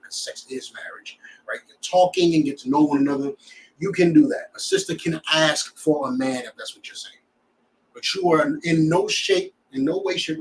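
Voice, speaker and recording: A man's voice: medium pitch, far from the mic, low-quality recording. A man teaching a scripture class in a blunt, preachy way, full of rhetorical questions.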